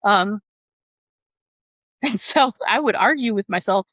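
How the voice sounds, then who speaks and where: A woman who is a podcast guest, telling a personal story in an animated way, often laughing and acting out the voices of other people. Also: mid-range voice, slow, dry recording.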